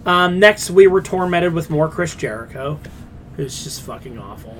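A fairly high-voiced man hosts a casual wrestling podcast. He talks bluntly, swears freely and mocks what he watched. A faint rumble hums under the recording. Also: expressive, normal speed, fairly bright tone. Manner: blunt, profane, sarcastic. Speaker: podcast host.

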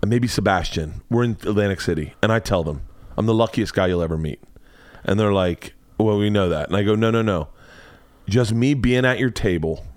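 Excitable storytelling man, dry close sound. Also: fairly low pitch, a little fast, dry recording. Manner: loud, excitable, acts out quotes, swears a lot. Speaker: podcast host, comedian. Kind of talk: animated storytelling. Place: home studio, man cave.

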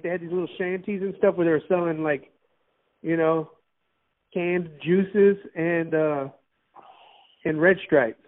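A man from Miami chatting casually, rambling with restarts and frequent laughs. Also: high-pitched. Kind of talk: casual chat. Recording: tinny phone-like line.

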